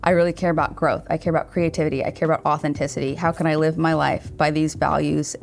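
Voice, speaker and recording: A woman in her thirties with a notably deep voice answers interview questions earnestly. She thinks aloud and often restarts her sentences. Her tone stays reflective and sincere. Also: steady tone, fast, gravelly, soft background music. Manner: earnest and thoughtful, with frequent restarts. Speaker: guest, writer and showrunner.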